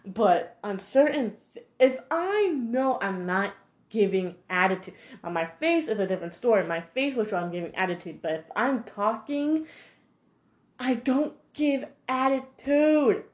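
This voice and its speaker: A woman's voice: fairly high pitch, unhurried. Heated, chatty woman in an echoey room. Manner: animated, heated, heavy use of 'like'. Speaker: vlogger. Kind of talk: casual monologue rant.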